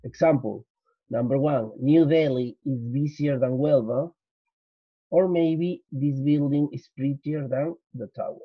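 Husky man teaching English with a Spanish accent. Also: medium pitch, no echo. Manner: explains slowly, repeats, switches into Spanish for students. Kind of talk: recorded grammar lesson. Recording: dull lo-fi.

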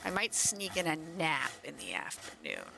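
A woman's voice: low-pitched, huge pitch swings, moderate pace, creaky, background noise. A woman streamer giving casual, rambling game commentary full of fillers. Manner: chatty, rambling, many fillers.

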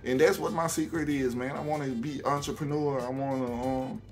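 Young southern dude from alabama talking to his cam, lots of ums, stops and starts, mid pitch, bit of music behind. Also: fairly even intonation, a little mellow. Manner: halting, many ums and restarts, says man often. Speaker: YouTuber. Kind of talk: casual talk to camera.

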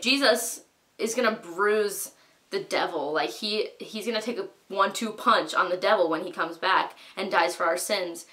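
A young woman telling a Bible story in loose, slangy talk, dropping "like" into nearly every phrase. Her voice sits a bit low but has a bright, forceful edge. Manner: breezy, slangy, heavy use of "like". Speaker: Bible study host. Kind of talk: casual Bible story retelling.

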